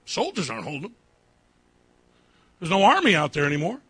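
A male pastor preaching a sermon, repeating his phrases and building up to fervent shouting. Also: a little high, huge pitch swings, brisk, slightly rough, dry recording.

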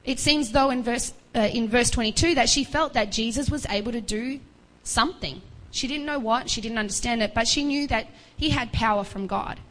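A woman's voice: fairly high pitch, moderate pace, hardly any pauses, fairly bright tone, poor audio. A woman preaching a sermon, retelling a Bible story earnestly and acting out the voices of its figures with pleading rises.

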